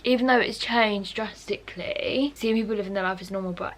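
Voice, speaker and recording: A woman's voice: medium pitch, fairly quick, slight background noise. A young woman vlogging candidly to camera, rambling frankly with lots of fillers and restarts. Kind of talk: candid personal talk to camera.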